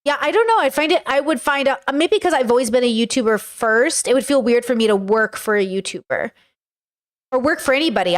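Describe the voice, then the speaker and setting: A woman's voice: fairly high pitch, fairly quick. A young woman streaming, chatting casually and rambling in reaction to clips, full of fillers and swearing. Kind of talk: casual reaction chat to a live chat.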